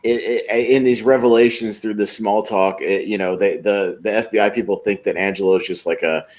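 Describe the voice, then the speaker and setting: A man co-hosting a podcast in casual chat, retelling scenes and jumping into excited acted-out lines, laughing often. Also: fairly low pitch, moderate pace, dull audio. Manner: laughs often, many fillers. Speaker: podcast co-host.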